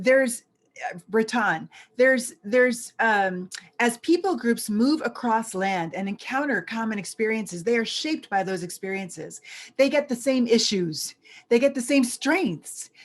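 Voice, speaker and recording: A woman giving a church teaching presentation as a visiting scholar, earnest and conversational, repeating key points for emphasis. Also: on the high side.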